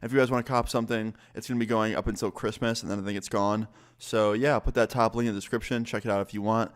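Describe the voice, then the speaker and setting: A man in his twenties telling a casual story-time vlog, animated and swearing freely. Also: on the low side, fast talker. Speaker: YouTuber.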